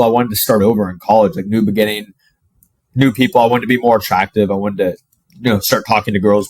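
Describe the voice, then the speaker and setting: Low-voiced young man telling a story. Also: no room sound. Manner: profane, animated, heavy use of "like". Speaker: fitness coach. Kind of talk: casual storytelling to camera.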